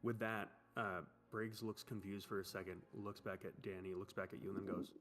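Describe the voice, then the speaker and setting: A man's voice: on the low side, flat delivery, brisk, fairly bright tone, faint music behind. A man acting as game master, narrating a tabletop game in a rambling, loose way full of fillers.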